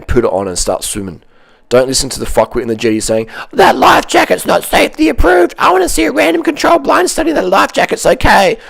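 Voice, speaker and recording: A man, a fitness vlogger, delivering a blunt, profane, combative ranting monologue. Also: medium pitch.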